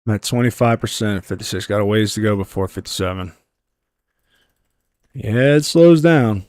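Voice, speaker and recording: This gameplay livestream features a man whose voice sits lowish, moving at a normal pace, recorded clean in the studio without echo. He keeps things laid-back, talking to chat as he plays, and bursts into excited yelling at fortunate loot drops.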